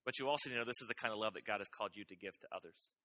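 Male pastor, middle-aged, very bright tone, emphatic sermon, repeats key phrases. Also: fairly low pitch, racing. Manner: emphatic, repetitive preaching with rising intensity on key phrases.

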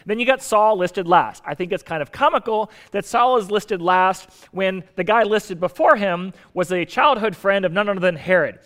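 A man delivering a sermon in a conversational teaching manner, with humorous asides and emphatic shifts in loudness. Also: high-pitched, normal speed, hardly any pauses. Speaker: pastor.

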